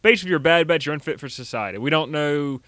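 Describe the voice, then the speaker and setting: A man's voice: a little high, animated, very fast, a bit bright, dry recording. A man co-hosting a casual movie review chat, dry and teasing, often stopping to clarify. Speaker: podcast co-host.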